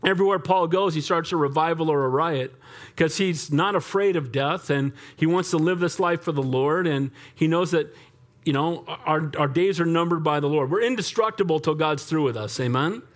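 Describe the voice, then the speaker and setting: A male pastor preaching a sermon in a lively, conversational way, often asking the congregation for an amen. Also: a little high, normal speed.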